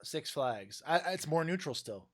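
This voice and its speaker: A man's voice: a little high, lively intonation, moderate pace. A man hosting a podcast, chatting playfully, laughing easily and trailing off mid-sentence. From United States. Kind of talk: casual chat.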